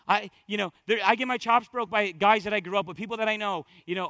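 This pastor preaches fast with fairly even intonation, shifting from hushed, low stretches to fervent, rising exhortation and repeating phrases for emphasis. There's no room sound in the recording.

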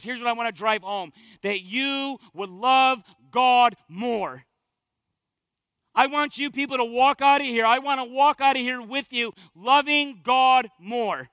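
A man in his thirties delivers a sermon in church with an unusually high, ringing voice. He is emphatic and drives points home by repeating phrases. The sound is close and dry. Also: bright, forceful tone, clean tone, no echo. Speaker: pastor.

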